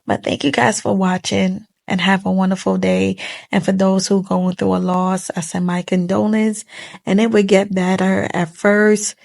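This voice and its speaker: A woman's voice: mid-range voice, level tone, normal speed, vocal fry, a little mellow. A young woman telling a sad personal story to camera in casual, colloquial speech, tearful and heartfelt as she holds back tears. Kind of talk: emotional storytime monologue. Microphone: phone camera facing the speaker.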